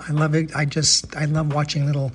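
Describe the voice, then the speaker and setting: A man's voice: on the high side, monotone, brisk. An American man hosting a casual travel podcast, chatty and enthusiastic, often repeating words as he thinks. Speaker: podcast host.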